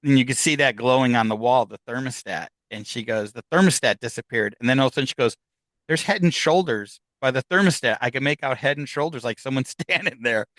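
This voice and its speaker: A man's voice: medium pitch, fast, dry recording, rough recording. A man being interviewed as a paranormal investigator, telling stories in a casual way and acting out what people said. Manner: animated anecdotes, acts out quoted dialogue.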